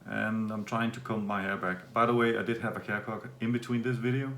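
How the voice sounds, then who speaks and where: A man from Denmark talks through a casual video update in a loose, rambling way. His voice sits low and has a gravelly edge. He is recorded in an echoey room with a faint hum of ambience behind him. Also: brisk. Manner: relaxed, rambling, with fillers. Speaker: vlogger.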